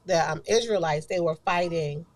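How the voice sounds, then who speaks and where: Low-voiced woman giving a casual devotional. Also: normal speed, a little mellow. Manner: chatty, many fillers like "you know" and "like". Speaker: co-host giving a faith segment.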